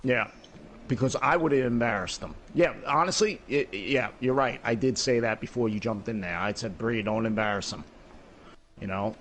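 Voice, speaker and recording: A man's voice: lowish voice, normal speed, fairly bright tone, a little hiss or hum. A man in casual voice chat with friends, earnestly retelling a talk with his son and repeating "I said" again and again. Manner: long retelling that repeats "I said" over and over; earnest and emphatic. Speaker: father chatting with friends in a game party.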